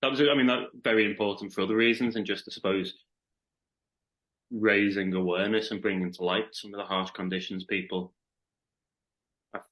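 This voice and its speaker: A man in his thirties with a Liverpool accent talks as a podcast guest. His voice sits low, and he speaks in an easygoing way, circling back and restarting sentences as his thoughts unfold. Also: steady tone, fairly quick, pauses often, fairly bright tone, dull audio. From Liverpool, England. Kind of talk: casual chat.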